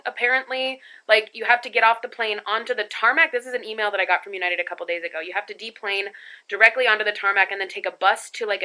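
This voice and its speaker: A young woman talks straight to her phone in a loose, rambling vlog, laughing at her own slips. Her voice is strikingly bright and sits at an ordinary pitch. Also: low-quality recording. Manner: chatty, rambling, laughs at herself. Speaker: vlogger. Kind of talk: casual travel vlog. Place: family home, then in a car.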